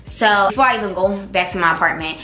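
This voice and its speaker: A woman's voice: medium pitch, quick pace. A young woman in college telling a personal story in a casual, emphatic way and acting out the dialogue. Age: young adult. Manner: animated, emphatic, acts out dialogue. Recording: roomy echo with faint music.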